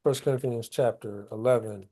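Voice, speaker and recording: A man's voice: medium pitch, fairly even intonation, normal speed, mellow. A man leading a Bible study, explaining scripture in loose, colloquial everyday talk. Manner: colloquial, paraphrases scripture in casual street talk. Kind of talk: conversational Bible study teaching.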